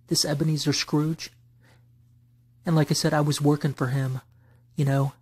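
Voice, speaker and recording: A man's voice: a little high, little pitch movement, normal speed, a little mellow, breathy edge, no room sound. A man venting in a late-night personal rant, rambling and repeating himself with many restarts, aggrieved and flaring into angry swearing. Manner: aggrieved, builds into bursts of anger and swearing. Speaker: vlogger.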